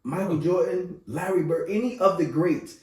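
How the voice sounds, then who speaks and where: A man co-hosting a casual sports podcast, animated and laughing, slipping into quick impressions. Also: high-pitched, recorded from a distance. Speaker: podcast co-host. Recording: roomy sound from off the mic.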